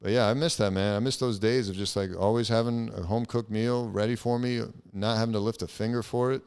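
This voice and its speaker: A young man talks alone into the mic for his podcast, drifting from one thought to the next with plenty of swearing and filler words. His voice sits low for a man. It has a smooth, resonant tone. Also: fairly even intonation, a little fast, a little mellow. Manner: rambling, profane, frequent fillers. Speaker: podcast host. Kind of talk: casual solo podcast monologue.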